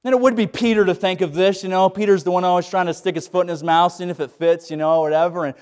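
A man's voice: high-pitched, fairly even intonation, quick pace, darkish tone, clear, resonant tone. A man preaching a sermon in a folksy, dramatic way, acting out the scenes he tells.

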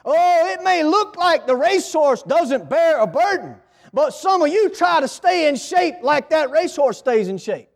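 A male preacher giving a storytelling sermon in a church, often calling on the congregation for amens. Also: very high voice. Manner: call-and-response, storytelling.

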